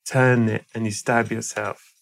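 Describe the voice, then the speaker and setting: A man's voice: fairly low pitch, flat delivery, a little slow, creaky. A man hosting a podcast, telling a long absurd story in a playful, rambling way with small stumbles. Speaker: podcast host. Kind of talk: comic storytelling in conversation.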